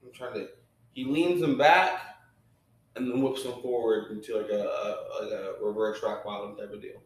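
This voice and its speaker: A man's voice: lowish voice, fairly even intonation. A man co-hosting a podcast, recapping wrestling matches step by step and often stopping to restart a sentence. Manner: halting, restarts while describing moves. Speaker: podcast co-host. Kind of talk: casual play-by-play recap. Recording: echoey room.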